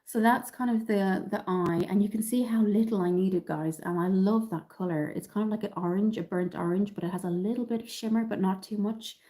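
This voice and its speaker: A Dublin woman with an Irish accent hosts a live makeup tutorial, chatting away, reading out and answering viewer comments with many ums. Her voice is mid-range and warm, slightly nasal from an oncoming cold, and she speaks briskly with hardly any pauses. The audio quality is poor.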